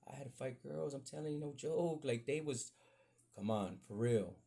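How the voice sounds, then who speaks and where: Gravelly, husky man telling profane stories. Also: normal speed. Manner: profane, animated storytelling that jumps up high in pitch when excited. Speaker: podcast host. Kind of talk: casual storytelling.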